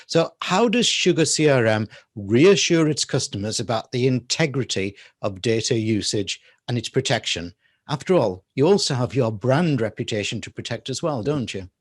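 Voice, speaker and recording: A man's voice: mid-range voice, animated, normal speed, breathy edge, no echo, studio quality. A man hosting a tech interview show, asking formal questions and often affirming his guest with "yeah". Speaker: host. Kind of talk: interview host.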